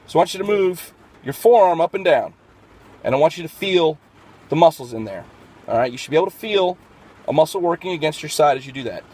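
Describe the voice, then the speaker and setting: Guy with a slightly high voice doing a fitness vlog outside, lots of uh and um and restarts, cars going by. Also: lively intonation, fairly quick, darkish tone, husky. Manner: explains step by step with frequent fillers and restarts. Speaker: fitness vlogger.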